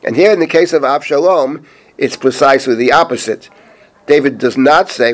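A middle-aged man, a rabbi, teaching a Bible chapter, reading Hebrew verses slowly and then translating and explaining them. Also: medium pitch. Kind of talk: spoken Bible lesson.

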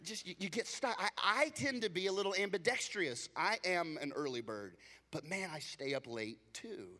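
A man's voice: high-pitched, lively intonation, moderate pace, bright, forceful tone, long reverb tail. A man preaching a sermon as a pastor, casual and joking, slipping into acted voices to tell everyday stories.

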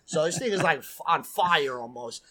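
A man with a New York accent, a guest DJ telling a lively story in casual chat. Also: on the high side, moderate pace. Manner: animated, swears, acts out quotes.

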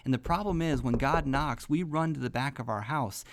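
A man's voice: medium pitch, normal speed, slight background noise. A man hosting a devotional podcast, telling a family story in a folksy, earnest way and building into preacher-like exhortation. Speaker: podcast host.

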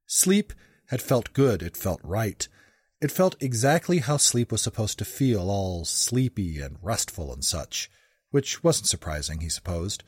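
A man's voice: lowish voice, very animated, unhurried, breathy edge, dry recording, clean studio sound. A man narrating a comic fantasy story aloud with wry joking asides.

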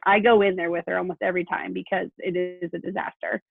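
A woman's voice: lowish voice, little pitch movement, fast, soft background music. A mother talking through her routines on a coaching call, chatty and self-deprecating, laughing at herself. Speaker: coaching client. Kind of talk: phone conversation. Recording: gravelly phone-line audio, dry.

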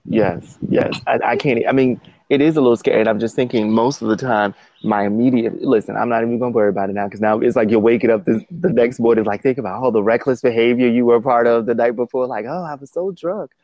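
A man's voice: mid-range voice, fairly even intonation, fast, few pauses, darkish tone, dry recording, low-quality recording. A man chatting casually, laughing often and rambling with restarts. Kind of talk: casual chat.

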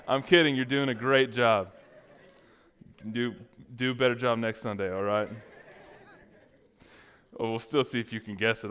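A man's voice: mid-range voice, fairly even intonation, normal speed, long pauses, fairly bright tone, clean tone. A man preaching as a pastor, joking and teasing his congregation between points. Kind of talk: sermon with playful asides.

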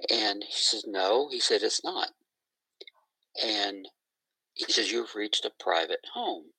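A middle-aged man with a husky, gravelly voice, a little low in pitch. He tells a story in a casual, conversational way and quotes the people in it. The sound is dry and close. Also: slow pace, dry recording, rough recording. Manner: retells others' dialogue in a lively storytelling way. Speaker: interview guest.

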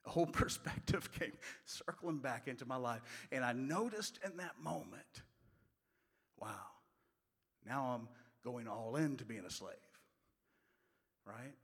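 A man preaching a sermon, telling stories in a folksy way and moving from loud passages to hushed ones. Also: mid-range voice, lively intonation, unhurried, long pauses, breathy edge. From West Virginia. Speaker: pastor. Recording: long hall reverb.

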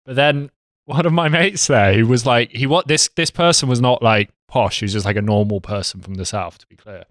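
A man from Derby with a softened Northern English accent, chatting casually and filling his talk with "like". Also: medium pitch, brisk, no echo, studio quality. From Derby, England. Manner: chatty, lots of "like", swears casually. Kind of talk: casual chat.

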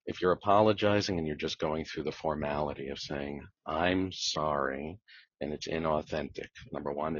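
A man working as a divorce mediator, talking thoughtfully in a podcast interview, with a measured delivery that repeats words as he restarts. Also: rumbling low, slightly rough, no echo. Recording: dull lo-fi dry sound.

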